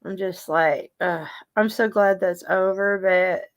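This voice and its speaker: A woman's voice: mid-range voice, steady tone, slow. A woman, chatting and telling a story to her viewers as a show host. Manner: chatty storytelling, reading viewer comments aloud. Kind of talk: casual chat to a live audience.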